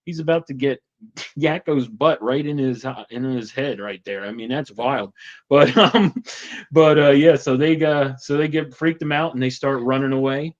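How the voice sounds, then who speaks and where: A man's voice: medium pitch, moderate pace, highs cut off. A man casually retelling a cartoon episode as a show host, chatty and rambling with lots of fillers.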